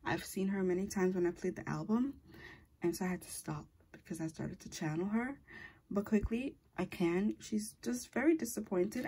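A woman's voice: fairly low pitch, moderate pace, warm tone, a little hiss or hum. A woman giving a casual tarot reading, talking in a chatty, rambling way and often correcting herself mid-sentence. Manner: chatty and rambling, with frequent fillers and self-corrections. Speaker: tarot reader.

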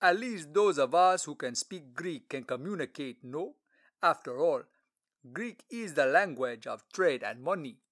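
A man voicing a dignified royal treasurer in an audiobook story, speaking slowly and formally. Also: a little high, expressive, fairly bright tone, no echo, clean studio sound. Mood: stately. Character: dignified Ethiopian lord treasurer, courteous older official.

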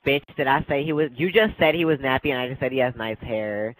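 A man's voice: medium pitch, fast, dry recording, rough recording. A man in an online game voice chat, hurling a relentless stream of profane insults through a gaming headset. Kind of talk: heated insult argument. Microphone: gaming headset over online voice chat.

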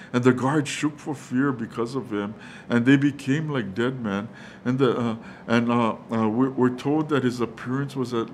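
A man's voice: mid-range voice, a little hiss or hum. A male pastor preaching a sermon, hesitant, with many fillers and restarts, calling his listeners guys. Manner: quotes the angel in a hushed, reassuring voice.

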